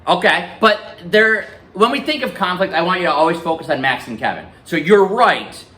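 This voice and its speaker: A man's voice: high-pitched, normal speed. A male teacher reading a novel aloud in a classroom and quizzing his students. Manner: lively, questioning students.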